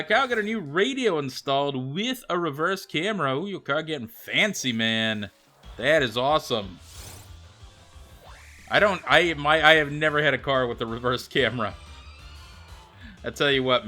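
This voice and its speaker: A man's voice: mid-range voice, pushed and bright. A man streaming a video game live, chatting casually and greeting viewers by name.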